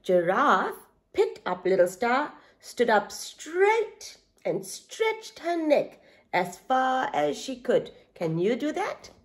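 A woman's voice: sits high, huge pitch swings, slow. A woman who works as a preschool teacher, reading a picture book aloud expressively and asking young listeners questions. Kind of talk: children's story reading.

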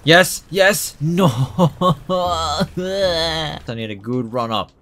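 A young man hosting a gaming channel, giving jokey, excitable commentary that bursts into loud yelps. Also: a little high, drawn-out words, soft background music. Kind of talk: gameplay commentary.

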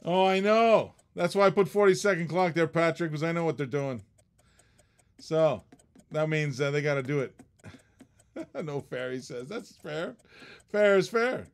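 A man's voice: on the high side, measured pace, long pauses. A man hosting a live-stream auction in casual chat, laughing often and teasing the bidders.

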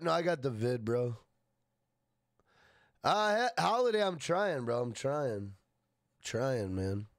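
A man's voice: a little high, no room sound, studio quality. A man casually live-streaming a game, greeting chatters by name and swearing freely.

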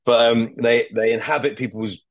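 A man's voice: medium pitch, fairly even intonation, normal speed, no room sound. A young man chatting on a podcast as a guest, rambling with lots of fillers and casual swearing.

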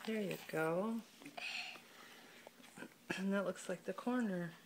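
A mother talking softly and playfully with her small child at home, coaxing and affectionate, filmed on a handheld camera. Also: medium pitch, slow pace. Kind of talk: playful talk with a toddler. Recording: home video with clear background noise.

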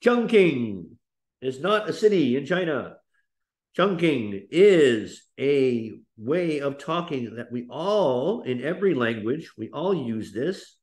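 A man teaching a webinar lesson on speaking, explaining slowly with frequent fillers and restarts. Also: mid-range voice, very animated, a little mellow. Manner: demonstrates example phrases in a lifted, playful voice.

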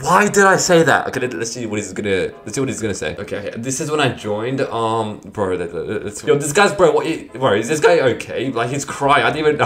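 A man's voice: medium pitch, lively intonation, fairly quick, hardly any pauses. A man doing casual gaming commentary as a YouTuber, rambling and stammering, saying 'bro' constantly.

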